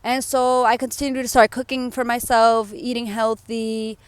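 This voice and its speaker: A woman's voice: on the high side, flat delivery, normal speed, clear, resonant tone, dry recording. A young woman vlogger telling a personal story in a candid, emotional way, full of fillers like "like" and "you know", tearful at times.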